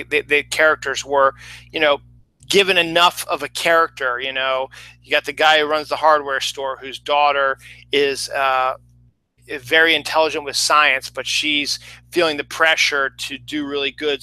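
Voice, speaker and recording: Rambling bright-voiced man reviewing a film. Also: mid-range voice, no echo, poor audio. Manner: rambling, many fillers and restarts. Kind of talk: casual spoken film review.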